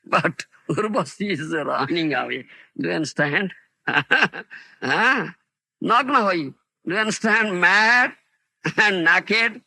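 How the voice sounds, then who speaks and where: A man's voice: high-pitched, slow, creaky, pushed and bright, breathy edge, no room sound. A man with an Indian accent giving a scripture lecture, repeating key words and often asking the listeners whether they understand. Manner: keeps asking "do you understand?". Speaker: spiritual teacher.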